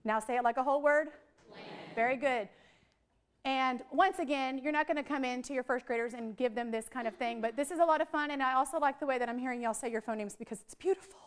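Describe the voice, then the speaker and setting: A middle-aged woman, leading a lively, chatty teacher training workshop for a group in a training room. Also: sits high, quick pace, clean tone. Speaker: literacy trainer.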